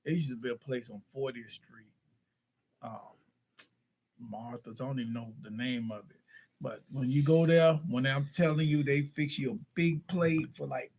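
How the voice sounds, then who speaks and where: Easygoing male guest, middle pitch, agreeable and drawling. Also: fairly even intonation, moderate pace, darkish tone. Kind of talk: casual chat.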